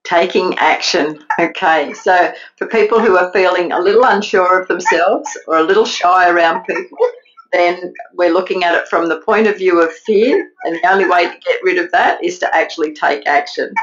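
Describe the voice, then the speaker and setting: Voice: mid-range voice, moderate pace, a bit bright, highs cut off. An interview host who affirms the guest and sums up her points before leading into a break. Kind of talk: interview conversation.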